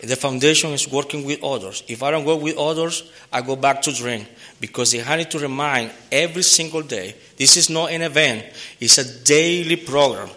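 A man giving an earnest personal testimony at a recovery meeting, halting, with repeated words and restarts. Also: medium pitch, sharp tone. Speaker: member sharing his recovery story.

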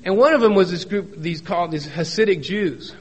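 A middle-aged man tells his recovery story to a meeting in a folksy, joking manner, leaning on repeated phrases for emphasis. His voice sits a little high for a man, and he speaks a bit fast.

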